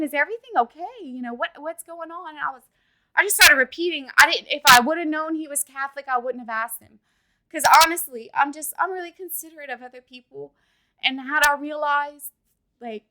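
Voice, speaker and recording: High, bright-voiced woman in her thirties. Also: low-quality recording. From Louisiana, USA. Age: 30s. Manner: halting and emotional, full of "I was like" retellings. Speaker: interviewee sharing a personal story. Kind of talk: casual spoken recollection.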